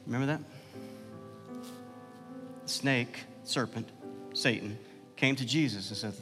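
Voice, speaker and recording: A man's voice: expressive, normal speed, long pauses, long reverb tail, over music. A man preaching a sermon with passion, asking the listeners questions and letting his voice swell at key points. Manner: passionate, rhetorical questions, swells in pitch and volume. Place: church sanctuary.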